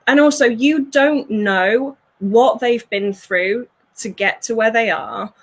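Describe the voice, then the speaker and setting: A woman, working as a fulfillment coach, talks through ideas in an animated way, laughing often and acting out voices. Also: a little high, takes it slowly. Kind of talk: conversational interview.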